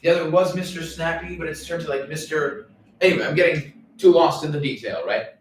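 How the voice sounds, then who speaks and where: A man's voice: fairly high pitch, fairly quick. Rambling man in an echoey room. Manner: rambling, animated, swears freely, slips into quoted voices. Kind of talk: rambling monologue. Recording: very echoey room, mic at a distance, faint noise.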